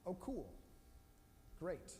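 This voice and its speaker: A man leading a casual Bible study, retelling the stories with quick voiced asides for the characters. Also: sits high, huge pitch swings, dark tone. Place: church room. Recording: live stream with long reverb and faint noise.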